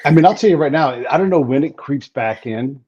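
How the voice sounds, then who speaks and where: A man hosting a casual conversation, telling stories emphatically and talking in quick bursts. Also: a little high, animated, darkish tone, slightly rough, no echo. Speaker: podcast host. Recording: dull lo-fi recording.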